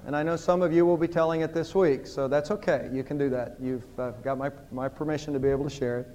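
Brief: earnest male preacher, high voice, long church-hall reverb. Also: fairly even intonation, fast talker, mellow, dull audio. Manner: earnest preaching, quoting scripture. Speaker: pastor. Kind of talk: sermon. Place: church sanctuary.

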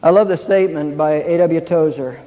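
A man's voice: a little high, brisk. A man preaching a sermon, earnest and emphatic, telling a story and quoting scripture. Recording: dull recording, long hall reverb.

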